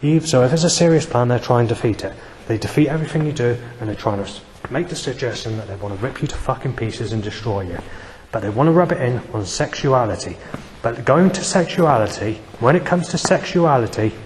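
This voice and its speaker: An agitated man talks on and on in a rambling vlog monologue, cursing freely and repeating himself. His mid-pitched voice rings out with a long reverb tail, and a faint hiss sits underneath. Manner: agitated, profane, repetitive. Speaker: vlogger.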